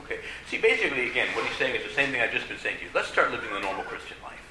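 A man teaching an adult church class, halting with many "uh"s and repeated words, then speeding through his points. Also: mid-range voice, big pitch swings, background noise. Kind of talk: adult faith class lecture. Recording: echoey room, faint ambience.

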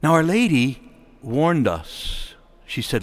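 A man's voice: on the high side, big pitch swings, normal speed. A middle-aged man preaching a sermon, impassioned and rising to emphatic exhortation.

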